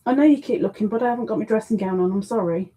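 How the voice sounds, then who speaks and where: Speaking very fast in a warm, slightly rough, medium-pitched voice, a woman hosts a casual crochet stream. She talks with her audience, reads their messages aloud and pauses between greetings to coo fondly at her cat.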